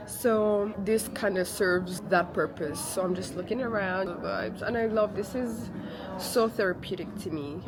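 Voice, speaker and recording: A woman's voice: medium pitch, noisy background. A young woman, chatting animatedly in a casual vlog and telling stories as she walks outdoors in a city. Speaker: vlogger.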